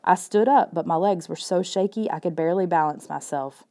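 A woman reads a children's spooky chapter book aloud, her voice lower and warm. She keeps a soft, measured storytelling pace, letting the tense moments settle. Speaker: audiobook narrator. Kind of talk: scripted narration.

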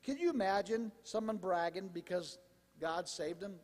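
A man preaching a sermon as pastor, animated and conversational, with asides to the congregation. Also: high-pitched, moderate pace, long reverb tail. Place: church sanctuary.

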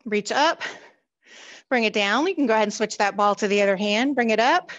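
Cheerful woman fitness instructor with a slightly high voice, counts reps and says y'all, heard over a video call. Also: a little fast, a bit bright, highs cut off. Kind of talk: leading a seniors' exercise class. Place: church exercise class streamed on a video call.

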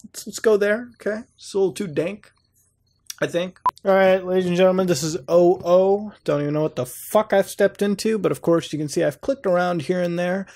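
Profane, rambling young man, fairly high voice. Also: brisk, darkish tone, slight background noise. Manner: profane, rambling, laughs often. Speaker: gaming channel host. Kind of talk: casual commentary while browsing websites.

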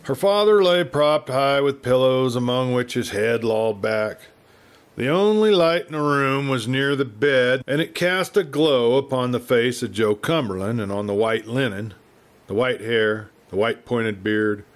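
A man reads a western novel aloud as a storyteller, his delivery measured and unhurried. His voice sits at an ordinary male pitch. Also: animated. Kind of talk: scripted narration of a western novel.

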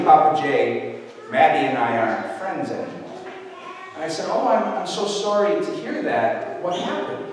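Older priest preaching in an echoey church. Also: male voice, fairly high pitch, slight background noise. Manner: storytelling, warm anecdotal with restarts. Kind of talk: sermon. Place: large church. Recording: echoey church hall from a distance.

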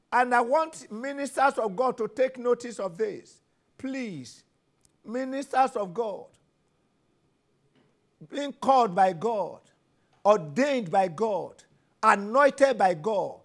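A man's voice: extremely high pitch, expressive, slow, pauses often. A man with a Nigerian English accent preaching and leading prayer, fervent and repetitive, building into commanding declarations. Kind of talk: sermon and prayer session.

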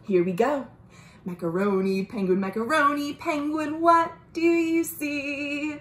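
A woman librarian reading a picture book aloud to young children at home, gentle and sing-song, asking the little listeners questions. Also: high voice, unhurried, reverberant. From United States. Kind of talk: storytime read-aloud for children.

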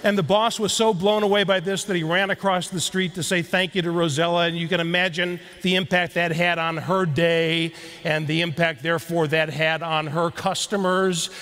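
Man, middle-aged, keynote speaker, high voice, lively storytelling, talks to the crowd. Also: moderate pace. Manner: storytelling, animated, addresses the crowd directly. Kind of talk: keynote speech to a live audience. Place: large hall with live audience.

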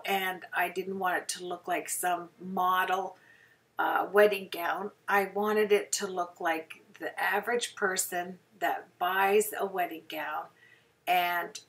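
A woman talks through her craft project at a home table, chatty and rambling, with little apologies as she goes. She speaks at an unhurried, slow pace, and her voice sits a little back from the mic. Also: fairly low pitch, fairly bright tone, distant mic. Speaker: craft video host. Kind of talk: casual craft tutorial talk.

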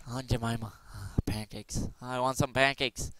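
A man's voice: mid-range voice, steady tone, moderate pace, sharp tone, dry recording. A young man hosting his channel, rambling and joking his way through quiz questions, now and then breaking into silly voices. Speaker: gaming channel host. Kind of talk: casual commentary playing a quiz game.

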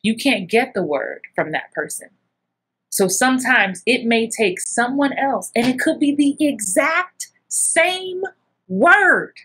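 A middle-aged woman giving casual advice as an acting coach, animated and full of acted-out asides. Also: slow, breathy edge. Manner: animated, acts out little scenes with big jumps in pitch.

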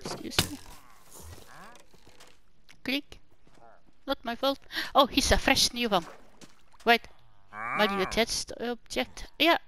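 A woman's voice: a little high, slow pace, long pauses, bright, forceful tone. A woman hosting casual gameplay commentary, chatty and exclaiming, talking back to the characters on her screen. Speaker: gaming channel host.

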